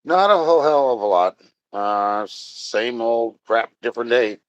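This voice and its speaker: A man's voice: medium pitch, expressive, a little slow, dry recording. A man chatting casually on a live stream, rambling, joking and answering chat. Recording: dry, dull lo-fi sound.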